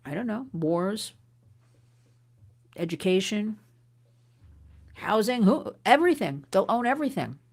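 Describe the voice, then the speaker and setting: A middle-aged woman from the United States hosting an advocacy livestream, talking urgently and earnestly to viewers, often restarting and swinging up in pitch. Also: animated, measured pace, long pauses. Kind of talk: impassioned livestream address to viewers.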